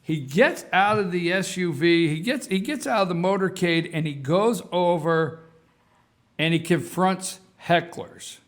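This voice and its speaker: Guy hosting a political talk show, kinda high voice, gets worked up and repeats stuff. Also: a little slow. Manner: animated, repeats himself for emphasis, addresses folks. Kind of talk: casual political commentary.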